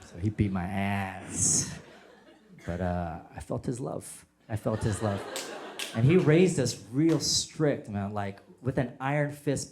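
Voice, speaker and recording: Animated stand-up comedian on a noisy stage. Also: male voice, medium pitch. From United States. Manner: animated storyteller, acts out bits and bursts into shouts. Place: comedy stage with a laughing audience. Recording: noisy live comedy club audio.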